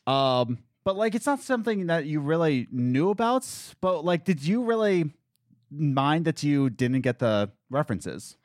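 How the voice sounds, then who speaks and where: Male co-host, casual rambling movie talk, very expressive pitch, dry mic. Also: measured pace, dry recording. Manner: animated, rambling, laughs at himself. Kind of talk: casual chat.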